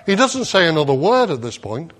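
A male preacher delivering a sermon, telling a story with animated acted-out voices and laughter. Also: on the high side, a little fast.

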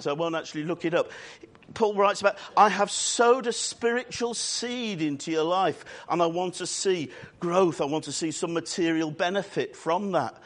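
A man preaching a sermon in church, earnest and emphatic, drawing out key words and adding quick asides. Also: high voice.

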